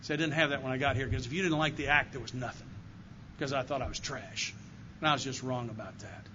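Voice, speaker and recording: Before an audience in a meeting room, an older man tells his recovery story as an AA circuit speaker, speaking with earnest, heartfelt feeling. He talks fast in a mid-range voice with fairly even intonation. Background noise is audible in the dull, lo-fi live recording.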